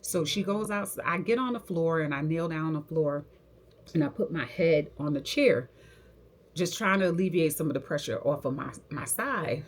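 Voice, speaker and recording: A young woman tells her story straight to camera in a low voice. She talks in slang and keeps acting out what each person said, in an animated, lively way. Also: moderate pace. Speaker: hair stylist telling her story.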